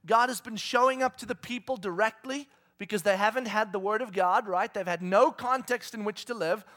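Man, pastor, sermon; high, bright voice; animated and questioning. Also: brisk. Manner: animated, asks the crowd questions; acts out God and the people in quoted voices.

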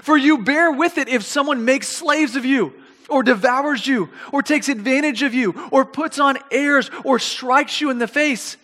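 A man preaching a sermon, animated and reading scripture aloud, often repeating his words. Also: very high voice, a little slow, big-room sound.

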